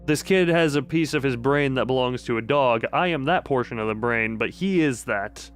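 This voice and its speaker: A man's voice: mid-range voice, normal speed, few pauses, fairly bright tone, smooth, faint music behind. A young man streaming a horror visual novel, reading the text aloud and cutting in with dry jokes. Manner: dry, joking commentary between narration.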